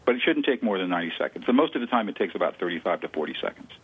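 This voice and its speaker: A deep, husky male voice comes through a tinny phone line, very animated and very fast. He's a guest expert on conflict de-escalation in an interview, eagerly describing a listening technique and doubling up on words for emphasis.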